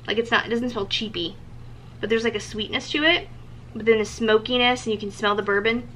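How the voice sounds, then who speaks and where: A woman's voice: on the high side, a little fast, sharp tone, a little hiss or hum. A young woman vlogger chatting casually about gifts she picked, with lots of ums and likes and eager enthusiasm. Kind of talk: casual gift show-and-tell.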